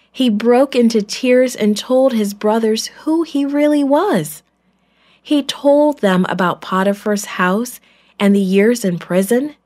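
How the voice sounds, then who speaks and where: A woman narrating a children's Bible story in a clear storytelling manner. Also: mid-range voice, darkish tone.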